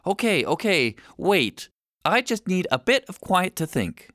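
A man's voice: high-pitched, very animated, unhurried, a bit bright, no echo, clean studio sound, pitched above the performer's own voice, exaggerated voice. Man voicing Antonio, impatient teenage boy. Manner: impatient, bossy explaining. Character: sixteen-year-old boy musician, busy and impatient.

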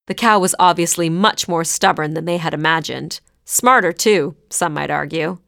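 A woman narrating a scripted story in a clear, measured way. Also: deep voice, fairly bright tone, no echo, studio quality.

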